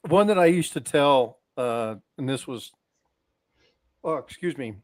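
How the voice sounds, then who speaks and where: A man's voice: mid-range voice, expressive, measured pace, darkish tone, no echo. A man casually telling long jokes on a live stream, animatedly doing the characters' voices as he goes. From lived in Utah.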